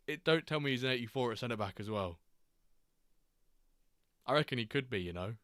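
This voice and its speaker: A man hosting a live game stream, chatting casually, greeting viewers and reacting excitedly to player stats. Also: mid-range voice, dry recording, clean studio sound. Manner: chatty, reacts to chat readers by name, quick excited asides. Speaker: streamer host.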